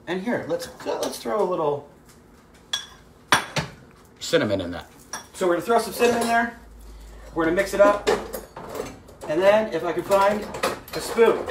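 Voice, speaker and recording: Woman cooking host, casual kitchen livestream, talkative storyteller who calls the audience kids, faint noise in the room. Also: fairly low pitch. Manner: chatty storyteller, greets viewers by name, calls audience kids. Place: home kitchen.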